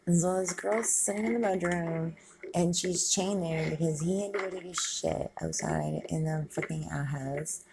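A woman's voice: fairly low pitch, steady tone, moderate pace, gravelly, noisy background. A woman giving a casual, chatty commentary as she watches a movie, swearing freely and laughing and exclaiming at the screen. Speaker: movie reaction vlogger.

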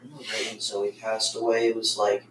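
A man's voice: on the low side, monotone, moderate pace, fairly bright tone. A man casually telling a ghost story on a podcast, rambling with lots of swearing and fillers. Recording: roomy, distant mic with faint noise.

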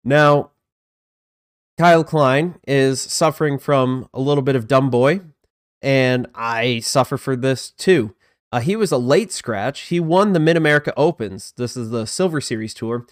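A man's voice: mid-range voice, unhurried. A man in the middle of his vocal range hosts a laid-back disc golf news stream. He rambles in a chatty, self-deprecating way and breaks off to greet viewers in the chat. His voice sounds dry and close, with no room echo. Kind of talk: casual live-stream commentary.

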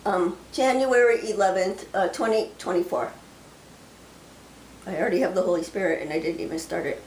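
A woman hosting her ministry channel, slowly reading scripture and prophecy aloud, with chatty, hesitant asides in between. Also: on the low side, darkish tone, a little hiss or hum. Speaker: ministry host sharing prophecy. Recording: roomy echo.

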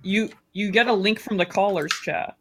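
A man's voice: high voice, normal speed, a bit bright, husky. A man co-hosting a livestream, crude and mocking, who stammers at times. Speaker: co-host. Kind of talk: casual livestream chat.

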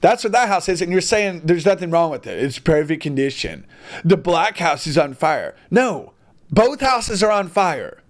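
A man's voice: fairly high pitch, sing-song, normal speed. A man delivering a heated, blunt opinion monologue, with crude language and frequent restarts. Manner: heated, blunt, mildly profane, many restarts.

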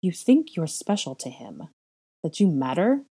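A woman voicing a cold, even-toned young male wizard in a storybook reading, sneering and cutting. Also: fairly low pitch, a little slow, husky, exaggerated voice.

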